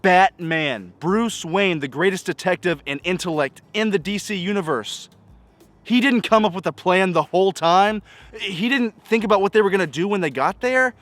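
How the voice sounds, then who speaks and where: Man, casual film review vlog; fairly high voice, dry close sound; nitpicky, exasperated, asks question after question. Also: moderate pace, a bit bright, no echo. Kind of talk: casual spoken movie review.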